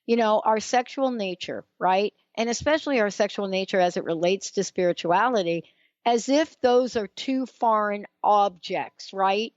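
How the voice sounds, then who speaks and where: A woman's voice: mid-range voice, normal speed, no room sound, highs cut off. A woman with a New York accent hosting a talk radio interview, enthusiastic and chatty, laughing easily. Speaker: radio show host.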